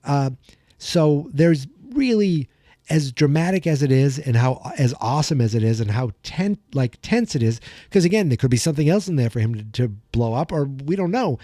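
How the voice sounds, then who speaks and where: A male podcast host recaps a TV episode in casual, rambling chat. He sounds like an eager fan who gets choked up, and his voice is mellow and dark. The sound is dry and close. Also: fairly high pitch, expressive, moderate pace, no room sound. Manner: chatty, emotional fan retelling scenes.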